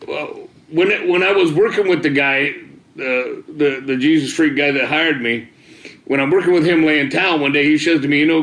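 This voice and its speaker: Sharing his testimony, a middle-aged man tells the story of his life casually and folksily, leaning on "man" and "you know." His voice is at a normal pitch with a fairly bright tone, echoing around a spacious room.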